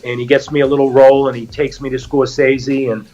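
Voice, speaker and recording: A man's voice: medium pitch, fairly quick, lo-fi sound, soft background music. A middle-aged man with a Boston accent, an actor guest chatting casually and telling stories. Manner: animated storyteller, acts out quotes. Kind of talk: casual chat.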